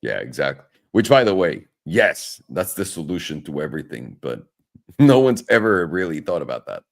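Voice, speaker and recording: A man's voice: sits low, normal speed, gravelly. A man from Mexico, casual and profane, telling a story in a podcast chat and acting out what people said. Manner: animated, profane, acts out quotes. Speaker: podcast host.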